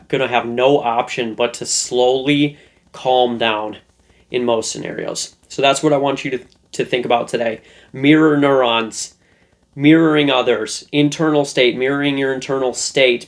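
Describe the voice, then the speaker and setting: A man hosting a relationship advice lesson, talking loosely and conversationally. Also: medium pitch. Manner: loose, conversational, with fillers and restarts. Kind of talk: casual talking-head lesson.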